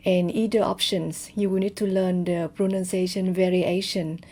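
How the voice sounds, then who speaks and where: A Vietnamese woman with a Vietnamese accent speaks in a mellow voice on the low side. She gives a slow, careful, explanatory language lesson, sounding out example words.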